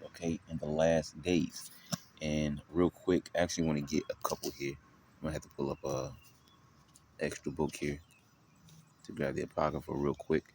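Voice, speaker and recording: Very deep-voiced man teaching scripture. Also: steady tone, slight background noise. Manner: reads verses slowly, drops into quiet asides, tags lines with "all right?". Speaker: bible teacher. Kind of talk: scripture lesson.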